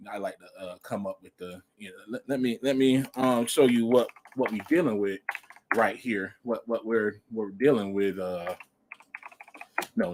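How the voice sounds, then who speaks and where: A man's voice: fairly low pitch, slightly rough. Man hosting a commentary show, emphatic. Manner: emphatic, repeats phrases for effect. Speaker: podcast host. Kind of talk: casual commentary vlog.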